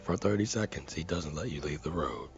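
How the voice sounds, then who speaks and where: A man's voice: rumbling low, a little fast, creaky, dull audio, soft background music. A man earnestly reading a viewer comment aloud, carefully and with dramatic stresses.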